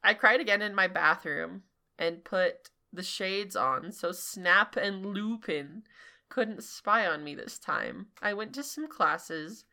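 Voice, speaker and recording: A woman's voice: medium pitch, slow, pushed and bright. A woman co-hosting a podcast, reading a fanfic aloud and breaking off with giggly, incredulous asides. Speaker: podcast co-host.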